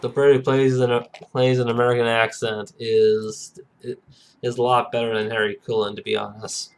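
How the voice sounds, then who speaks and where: A man hosting a casual podcast, rambling and halting, with lots of "uh" and "and" between thoughts. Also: medium pitch, level tone, clear, resonant tone. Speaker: podcast host. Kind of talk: casual chat.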